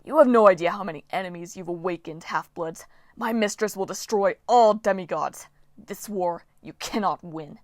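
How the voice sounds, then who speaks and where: A woman's voice: on the low side, normal speed, no room sound, studio quality, lightly acted. A woman voicing a menacing male storm spirit in an audiobook reading, with a threatening, gloating delivery.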